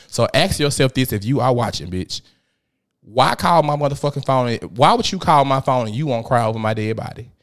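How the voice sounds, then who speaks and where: A man's voice: lively intonation, fairly quick. Profane, emphatic man telling a story. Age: 30s. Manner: profane, emphatic, dramatic pitch swings. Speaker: podcast host. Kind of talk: candid storytelling monologue.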